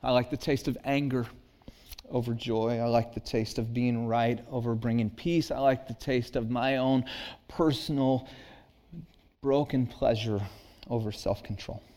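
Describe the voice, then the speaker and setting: A man's voice: medium pitch, fairly even intonation, measured pace, mellow. A man in his thirties preaching a sermon in an earnest, conversational way, climbing to emphatic peaks. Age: 30s. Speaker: pastor.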